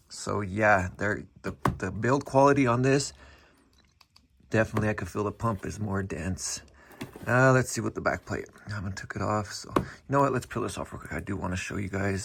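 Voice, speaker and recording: A man's voice: fairly low pitch, creaky, a bit bright, a little hiss or hum. A man with a Southern US accent reviewing PC parts in a loose, rambling way, talking straight to his viewers from a cluttered room at home. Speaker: tech reviewer. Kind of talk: casual unboxing review.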